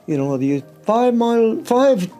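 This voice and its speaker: A man imitating a cute British woman's GPS navigation voice, pushing his voice up high and making prim, chirpy announcements. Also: very animated, a little slow, warm tone, faint music behind, full character voice.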